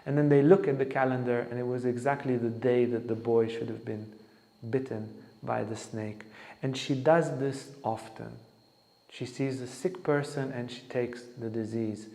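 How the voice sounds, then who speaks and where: A man's voice: medium pitch, steady tone, moderate pace, vocal fry, mellow. A man giving a spiritual lecture, telling stories about a saint in an earnest, anecdotal way. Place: lecture hall at an ashram. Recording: echoey hall reverb.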